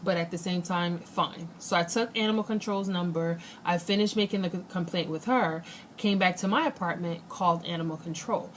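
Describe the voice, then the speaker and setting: A young female vlogger with a fairly low voice talks straight into the camera, telling a personal story in a loose, chatty, fairly quick way. She gets animated as she retells it, acting out what people said, while a faint hum sits in the background.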